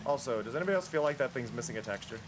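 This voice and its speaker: A man chatting playfully and excitably with viewers during a live gaming stream. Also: mid-range voice, very fast, noisy background. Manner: playful, excitable, talks to chat.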